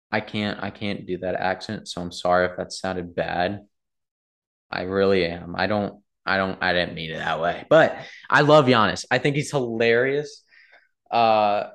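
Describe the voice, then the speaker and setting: A young man chatting casually about basketball, rambling and correcting himself as he talks to his viewers. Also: fairly low pitch. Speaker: sports vlogger. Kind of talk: casual sports commentary.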